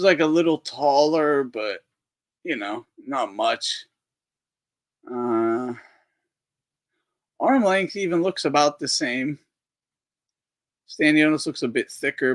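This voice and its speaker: A man's voice: mid-range voice, animated, slow, long pauses. A man hosting a casual boxing talk livestream, rambling and swearing as he reacts to clips. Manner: profane, rambling, incredulous. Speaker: boxing talk show host. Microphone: streaming microphone.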